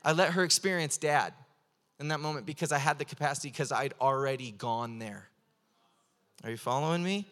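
Young guy preaching, slightly high voice, gets fervent and animated telling stories. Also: fairly quick, big-room sound. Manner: animated storytelling, rising to fervent intensity. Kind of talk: sermon.

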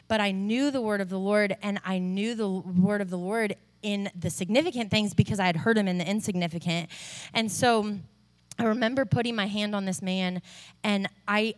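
A young adult woman giving a sermon testimony, telling a story in an animated way with lots of fillers. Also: medium pitch. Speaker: preacher.

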